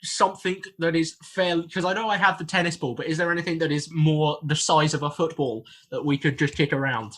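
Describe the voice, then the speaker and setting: Tabletop player, excitable, joking, mid pitch. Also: a little fast, few pauses. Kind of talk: tabletop game play.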